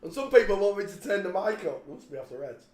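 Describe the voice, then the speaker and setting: A man's voice: sits high, expressive, quick pace, a little mellow. An older man with a chesty cough, hosting a live stream from a room at home. He chats and preaches in a rambling, apologetic way and breaks off to cough.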